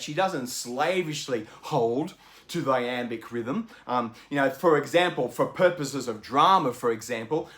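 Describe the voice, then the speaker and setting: A man's voice: fairly high pitch, a bit bright. A man hosting a book channel, explaining in a chatty, enthusiastic way with lots of asides. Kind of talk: casual explanatory book talk.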